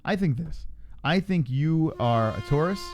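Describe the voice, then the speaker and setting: A young man chatting on a livestream in a loose, profane way. He laughs easily and flips into a high voice whenever he quotes someone. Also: expressive, unhurried, darkish tone, soft background music. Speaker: livestream co-host. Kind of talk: casual livestream chat.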